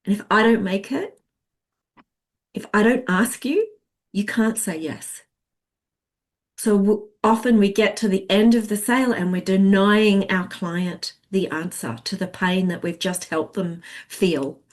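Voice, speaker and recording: With a medium pitch and a slightly slow pace, a woman teaches a sales masterclass. Her style is chatty and vivid, as she performs what her clients are thinking.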